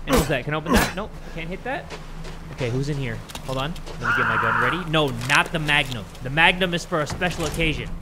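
A man commenting on a horror game he plays, joking, swearing and yelling in panic at the scares. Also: a little high, fast talker, heavy background noise. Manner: excitable, screams and yells at jumpscares; jokey, swears a lot. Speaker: gaming YouTuber.

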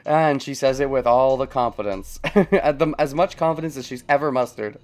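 A man's voice: medium pitch, normal speed, a little mellow. A man hosting a let's play, thinking aloud about a story and chuckling often as he comments casually.

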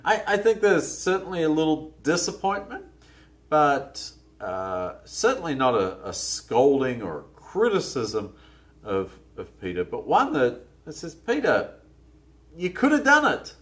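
A man's voice: mid-range voice, very animated, measured pace. A man preaching a sermon in a conversational, musing way, often restarting his phrases. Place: church.

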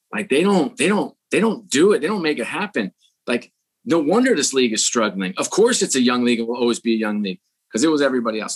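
A middle-aged man in a podcast interview, telling a story casually and animatedly. He acts out the people in his story, switching between their voices in a mid-pitched, everyday tone. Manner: animated, acts out quoted dialogue. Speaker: sports executive, podcast guest.

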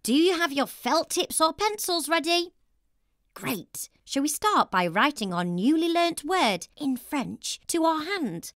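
A woman from England hosting a children's show, cheerful and encouraging, speaking slowly and clearly for young children. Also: sits high, sing-song, fairly bright tone. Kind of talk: children's TV presenting.

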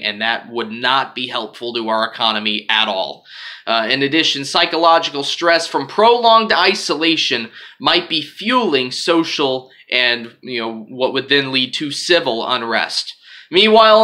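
Bright-voiced man reading news with asides. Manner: reads headlines with rising emphasis, drops to low asides for opinions; frequent fillers and restarts in asides. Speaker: news commentary host. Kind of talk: reading news articles with personal commentary.

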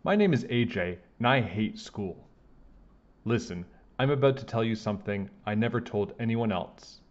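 A man reading a children's chapter book aloud, with animated, expressive storytelling. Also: on the low side, moderate pace, highs cut off. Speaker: storybook reader.

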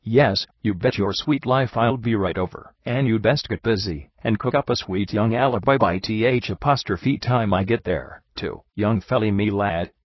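A man voicing a gruff Irish police sergeant who talks in a folksy, drawling way and drops his g's, on a dull, dry recording. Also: on the low side, moderate pace, hardly any pauses, no room sound.

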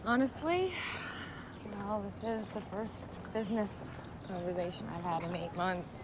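A woman's voice: medium pitch, unhurried, background noise, natural voice. An actress playing an ambitious young editor and new single mother, talking in a rambling, self-deprecating way with stammers. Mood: wry. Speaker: lead actress. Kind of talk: film acting.

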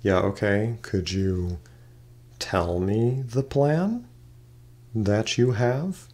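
A man voicing a stressed but polite young woman who keeps pressing for answers, hesitant and shaken, in a lowish voice. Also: very slow, darkish tone. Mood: flustered.

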